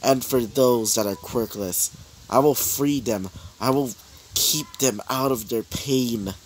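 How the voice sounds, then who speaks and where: A man voicing a vengeful young woman villain, cold and menacing, speaking slowly in drawn-out threats. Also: mid-range voice, slight background noise, natural voice. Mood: solemn persuasion.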